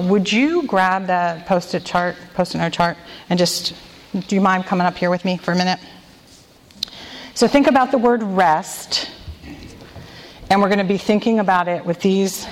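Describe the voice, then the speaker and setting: A woman giving a devotional talk to a group, gentle and prayerful, stretching key phrases slowly and leading the listeners in repeating them. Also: fairly low pitch. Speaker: women's retreat speaker. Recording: long hall reverb.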